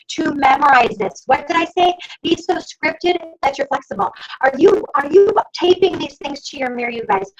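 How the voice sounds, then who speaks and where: High, animated woman on a lo-fi call. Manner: fast, animated, exclamatory, addresses listeners as "you guys". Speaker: sales director coaching her team. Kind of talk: energetic sales training talk. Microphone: computer mic on a video call. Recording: dull lo-fi video call audio.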